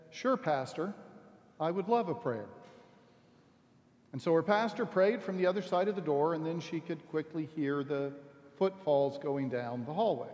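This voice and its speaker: A pastor delivering a sermon, reading scripture and telling stories in a measured, deliberate way. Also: male voice, a little high, a little mellow, in a large hall. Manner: measured, storytelling delivery with slow deliberate phrasing.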